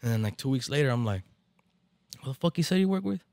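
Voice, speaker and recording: Casual man, barber event organizer, slangy and profane, switches into Spanish, middle pitch, dry close mic. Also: animated, quick pace, vocal fry, darkish tone, no room sound. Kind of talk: casual storytelling chat. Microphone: podcast microphone.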